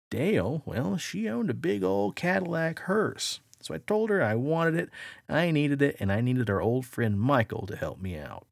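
A man hosting a podcast, spinning a dramatic first-person yarn with a gravelly, creaky edge and a voice that swoops up and down. He sounds close and dry on the mic, with no room around him. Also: medium pitch, no echo. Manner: animated, acts out quoted voices. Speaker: podcast host.

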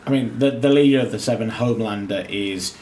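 A man chatting casually about a TV series, joking and sarcastic in an animated way. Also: fairly low pitch, a little fast, slight background noise. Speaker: co-host reviewing a TV series. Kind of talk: casual chat.

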